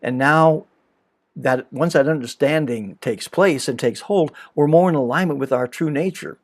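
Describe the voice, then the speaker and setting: A man's voice: on the high side, normal speed. A man hosting a reflective spiritual talk in a conversational way, now and then acting out imagined back-and-forth dialogue. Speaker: host.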